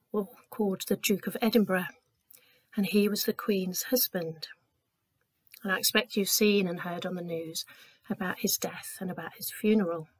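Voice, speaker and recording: A woman tells a story to a group of children in a slow, clear, gentle voice. Her pitch sits at an ordinary middle height, and she lifts it to act out the characters. The sound is dry and close, with no room echo. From England. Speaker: children's talk leader. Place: church.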